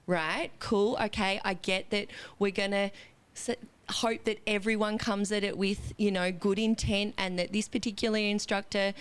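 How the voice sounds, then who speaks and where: A woman, hosting a podcast and telling a lively, animated story full of casual swearing and fillers. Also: mid-range voice, normal speed, clear, resonant tone, no echo. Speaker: podcast host and Pilates instructor.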